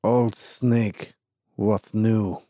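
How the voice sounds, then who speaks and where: A man voicing a gruff male laborer with an Eastern European accent who speaks curt, broken English. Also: fairly low pitch, flat delivery, extremely slow, dark tone, no room sound, studio quality.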